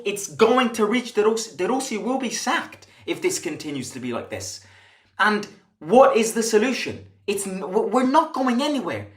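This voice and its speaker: A man's voice: high-pitched, a bit bright. A man hosting a football fan channel, delivering an impassioned commentary rant full of emphatic rhetorical questions and frequent restarts. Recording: echoey room.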